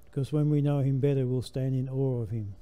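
A man's voice: medium pitch, steady tone, brisk, warm tone, clear, resonant tone. An older man preaching a sermon in a church, emphatic, his voice rising and falling with the message.

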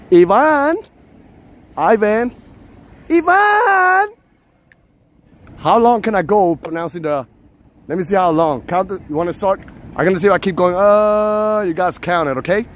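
Filming himself on a handheld phone during a nighttime city walk, this fast-talking man from Puerto Rico has a high-sitting voice. He hosts a live street vlog, bantering and teasing viewers with sudden loud shouts of names, while faint traffic and street sounds hum outdoors.

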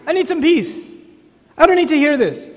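A man voicing an irritable, tired father who shouts at his child to leave him alone. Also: very high-pitched, big pitch swings, moderate pace, long reverb tail, voice pushed up. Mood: exasperated. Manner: loud, exasperated, strained.

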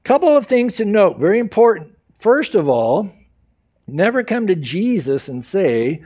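A man preaching an expository sermon as pastor, emphatic and animated, acting out the people he quotes. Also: on the high side, moderate pace. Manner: acts out quoted people in varied voices.

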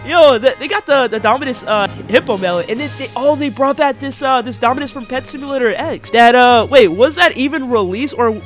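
A young man talks through his gameplay in loose, slangy commentary. His voice sits very high and sounds bright and sharp, and he stammers and repeats himself as he goes. Light game music plays under him. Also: fairly quick, few pauses. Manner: excitable, shouts and laughs at big wins. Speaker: gaming YouTuber.

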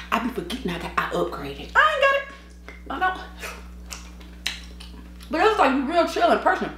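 A woman's voice: sits high, moderate pace, long pauses, slight background noise. A tired woman chatting casually while eating on camera, telling slangy stories with lots of laughter. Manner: animated, slangy storytelling with frequent laughs; eating and sipping between sentences. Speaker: mukbang vlogger. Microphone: own microphone. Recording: echoey room.

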